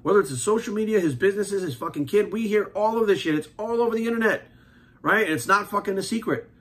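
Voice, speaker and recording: A heated, foul-mouthed man in his forties rants at a fast clip. His voice sits a little high for a man, and he keeps hammering the same points bluntly. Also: a bit bright. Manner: blunt, heated, swears constantly, repeats points. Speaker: fitness coach and commentator. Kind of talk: profane opinion rant to camera.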